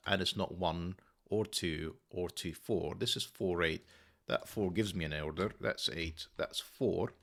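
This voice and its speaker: A man's voice: low-pitched, gravelly, pushed and bright. A man hosting his own channel, thinking aloud as he works methodically through a sudoku and correcting himself as he goes. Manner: muttering, methodical, self-correcting. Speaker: sudoku solver and channel host. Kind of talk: thinking aloud while solving a puzzle.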